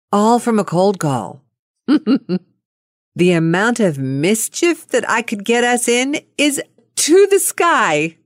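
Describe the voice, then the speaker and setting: A middle-aged woman hosts a cold-call podcast in a medium-pitched voice, recorded at studio quality with no room sound. She's chatty and playful, laughs a lot, and gets nervous about phoning strangers.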